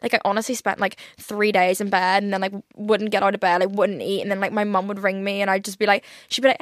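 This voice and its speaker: A woman's voice: mid-range voice, steady tone, fast, hardly any pauses, a bit bright, no echo, studio quality. A young woman hosting a casual solo podcast, rambling candidly with plenty of "like" fillers and swearing. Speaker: podcast host.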